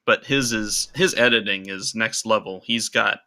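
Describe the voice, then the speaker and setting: Lowish guy with a really bright edgy tone, guest on a podcast, measured and explaining. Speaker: podcast guest, role-play video creator. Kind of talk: casual interview chat.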